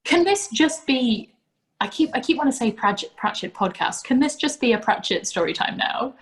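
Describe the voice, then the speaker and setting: A woman's voice: a little high, animated, normal speed. A woman hosting a storytime video call, chatting casually and rambling with lots of fillers and restarts. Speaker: storytime host.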